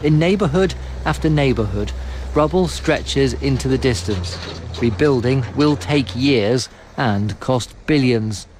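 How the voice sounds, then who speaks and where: A man narrating a scripted news report in a measured, even way. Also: mid-range voice, background noise.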